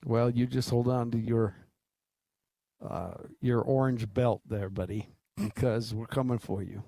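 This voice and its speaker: A man co-hosting a sports radio show, chatting casually on a studio mic. He fires off wisecracks and teasing jabs at his partner. His voice is medium in pitch and dry, with no room echo. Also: steady tone, unhurried, warm tone. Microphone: studio microphone.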